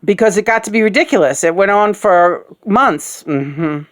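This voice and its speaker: A woman's voice: medium pitch, expressive, moderate pace. A woman in her sixties, a host of a puppet show, talking in a frank, rambling, casual way, full of fillers and swearing. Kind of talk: casual candid conversation.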